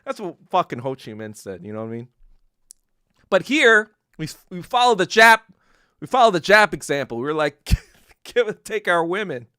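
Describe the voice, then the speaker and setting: A man on a podcast ranting in a loose, profane way, chuckling between phrases. His voice sits a little high and swings widely in pitch, with a bright edge, and the sound is close and dry. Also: very animated, normal speed, pauses often, clear, resonant tone, no room sound. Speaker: podcast host. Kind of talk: casual solo rant.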